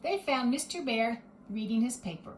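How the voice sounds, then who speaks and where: A woman's voice: a little high, animated, moderate pace, echoey room, slight background noise. Woman reading a picture book to kids. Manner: gentle, explaining, asks listeners questions. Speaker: storyteller.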